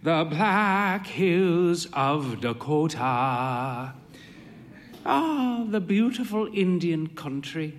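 A man's voice: fairly high pitch, animated, slow pace, fairly bright tone. A man voicing a fey, thin, mischievous man in late middle age who croons and jokes. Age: middle-aged. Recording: long hall reverb.

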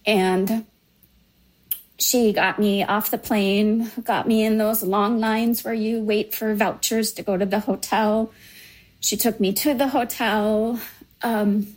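A middle-aged woman tells a personal story at a slow, halting pace. Her voice is breathy and husky, and it carries emotion. Faint music plays beneath her. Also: medium pitch, low-quality recording.

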